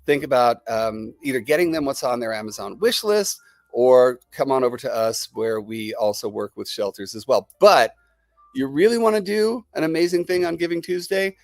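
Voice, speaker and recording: A man's voice: mid-range voice, moderate pace, dry recording, clean studio sound. A man hosting a live stream, chatting to viewers and answering their comments in a rambling, enthusiastic, salesman-like way. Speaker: host.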